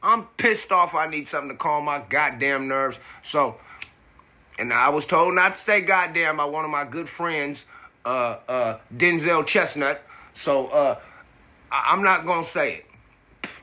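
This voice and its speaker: Indignant man ranting in a slow drawl. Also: a little high, pushed and bright. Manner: indignant, profane, repeats words when worked up. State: coughing from smoking. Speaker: podcast host. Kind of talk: angry monologue.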